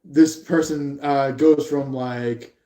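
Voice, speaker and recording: A man's voice: mid-range voice, fairly even intonation, takes it slowly, warm tone, roomy sound. A man giving a live-streamed tarot reading in a rambling way, with many fillers, acting out the people he describes in raised voices. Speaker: tarot reader.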